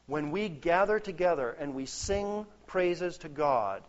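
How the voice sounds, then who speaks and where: A man's voice: fairly high pitch, animated, measured pace. A man preaching a sermon, earnest and emphatic, building points through lists. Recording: dull lo-fi sound.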